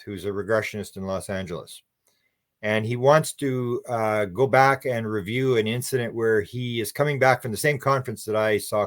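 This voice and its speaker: Canadian man telling a lively story. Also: on the low side. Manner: animated storyteller, acts out quoted dialogue. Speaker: guest, UFO researcher. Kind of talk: storytelling interview answer.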